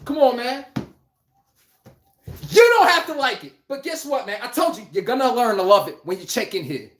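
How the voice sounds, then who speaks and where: Blunt, animated man ranting, echoey room. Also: very high voice, moderate pace. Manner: blunt, animated, swearing, laughing. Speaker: podcast host. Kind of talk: casual live-stream sports rant.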